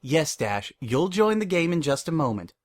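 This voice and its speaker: A man's voice: fairly high pitch, very animated, normal speed, pitched above the performer's own voice. A man doing a bossy young mare game master. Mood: eager. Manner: bossy, exasperated, bursts into shouts. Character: high-strung know-it-all young mare game master.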